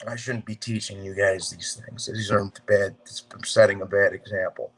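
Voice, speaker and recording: A man's voice: lowish voice, steady tone, moderate pace, fairly bright tone, husky. A man hosting a boxing talk show, rambling casually and swearing, calling his viewers "bro". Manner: profane, streetwise, talks to viewers as "bro".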